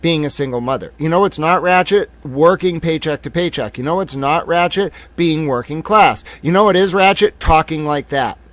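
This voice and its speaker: A man's voice: a little high, moderate pace, hardly any pauses, a bit bright, no room sound. A man in his thirties hosting a live stream, ranting in a heated, profane way. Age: 30s. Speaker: livestream host.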